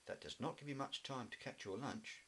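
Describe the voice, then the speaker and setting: A man's voice: medium pitch, a little fast, bright, forceful tone, slight background noise, voice pushed up, close to an everyday voice. A man voicing an eager, bossy young boy bear in a children's storybook reading. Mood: urgent.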